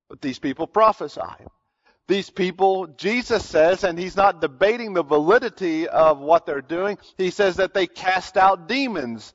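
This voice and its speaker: A man with a high-pitched voice preaches a sermon, explaining things in an earnest, teacherly way that is full of "uh"s and restarts. The recording is dull and lo-fi. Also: a bit bright. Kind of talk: expository sermon.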